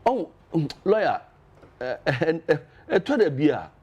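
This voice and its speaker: A man's voice: a little high, big pitch swings, normal speed, darkish tone, breathy edge. A man with a Ghanaian accent, a party official on a talk show, arguing his case with energy and moving between Twi and English. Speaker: political party official, guest. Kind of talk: political debate talk.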